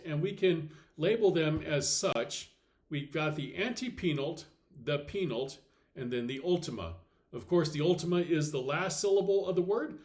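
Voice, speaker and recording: A man teaching a recorded slide lesson, explaining step by step, checking in with "okay" and saying example words slowly and deliberately. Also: a little high, a little mellow. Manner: clear step-by-step explaining with frequent okays. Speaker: Latin teacher.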